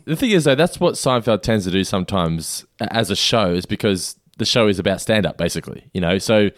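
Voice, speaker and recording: A man's voice: lowish voice, animated, a little fast, dry recording, clean studio sound. A man co-hosting a podcast, casually recapping a sitcom episode with frequent fillers. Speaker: podcast co-host.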